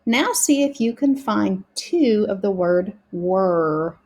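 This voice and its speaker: Slow, husky woman teaching reading. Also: mid-range voice, lively intonation, darkish tone. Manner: sounds out words slowly and carefully. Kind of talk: slow reading lesson for young learners.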